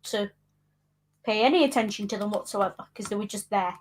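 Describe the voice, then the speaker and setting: A woman's voice: medium pitch, quick pace, slight background noise. A woman co-hosting a casual chat, frankly commenting on history with wry, emphatic asides. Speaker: co-host.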